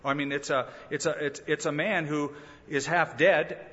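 A male pastor preaching a sermon in a lively way, often acting out the people he quotes. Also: mid-range voice, normal speed, big-room sound, highs cut off. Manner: animated preaching that acts out quoted speakers.

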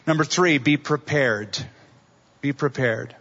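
Storytelling male pastor, slightly high voice. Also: slow pace, fairly bright tone, slightly rough, lo-fi sound. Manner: storytelling with acted-out quotes. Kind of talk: sermon.

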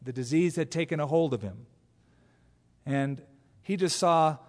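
A pastor preaching an expository sermon, animated, acting out quotes from scripture in different voices. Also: male voice, a little high, unhurried, pauses often. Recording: long hall reverb.

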